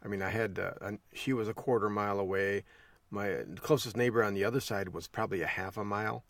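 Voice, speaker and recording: Gravelly low-voiced male podcast host. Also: fairly even intonation, quick pace, a bit bright, no room sound, distant mic. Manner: folksy, chuckles while telling stories. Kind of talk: casual monologue and storytelling.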